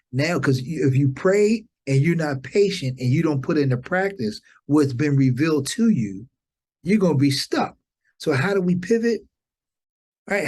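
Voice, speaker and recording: Animated man in his fifties telling stories. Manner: animated, preacher-like, rises into high exclamations. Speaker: podcast guest. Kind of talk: inspirational storytelling.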